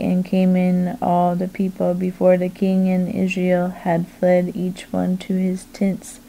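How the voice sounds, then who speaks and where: A woman reads scripture aloud at a slow, careful pace. Her voice is mellow and dark, and her pitch hardly moves at all. The delivery is steady and deliberate from line to line. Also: vocal fry, low-quality recording. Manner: slow, deliberate, monotone reading. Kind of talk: scripture reading.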